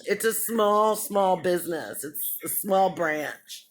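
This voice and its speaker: A woman's voice: on the low side, expressive, takes it slowly, few pauses. Woman, casual vlog, chatty, rambling, laughs a lot, acts out other people's lines. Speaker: vlogger.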